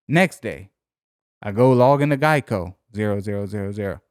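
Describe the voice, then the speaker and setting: A young adult man casually telling a story on a podcast, animated and profane, acting out both sides of each conversation. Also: lowish voice, normal speed, smooth, no echo, clean studio sound. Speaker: podcast co-host.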